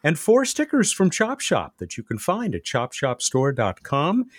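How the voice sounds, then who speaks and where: Man, radio host, animated pitch, dry close sound, bantering. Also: unhurried, husky, dry recording. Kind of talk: radio hosting.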